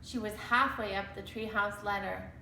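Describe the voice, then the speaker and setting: A woman reading a children's chapter book aloud in a slow, deliberate storytelling manner. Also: mid-range voice, fairly even intonation, gravelly, bright, forceful tone, reverberant, slight background noise, poor audio. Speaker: storybook reader.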